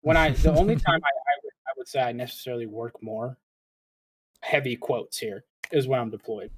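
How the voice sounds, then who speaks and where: Male co-host, mid-pitched everyday voice, laid-back, jokey and profane. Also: fairly quick, husky. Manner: relaxed, joking, swears and laughs often. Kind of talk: casual chat.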